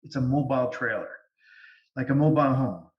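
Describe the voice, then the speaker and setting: A man speaking as a guest medium, telling stories in an animated way over a video call. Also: medium pitch, brisk. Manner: animated, lively storytelling. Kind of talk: storytelling interview. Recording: distant, echoey, dull sound.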